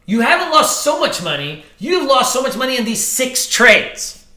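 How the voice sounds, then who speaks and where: A man quoting a blunt, matter-of-fact trading coach. He is plain-spoken, with a lively, bright voice that echoes around the room. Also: extremely high pitch, normal speed, voice pushed up, full character voice. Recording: roomy hall echo.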